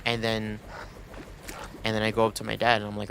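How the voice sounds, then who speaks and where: A man's voice: lowish voice, monotone, quick pace, vocal fry, long pauses, fairly bright tone, slight background noise. A young man streaming and chatting casually, rambling with lots of restarts and quoted asides. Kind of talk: casual chat.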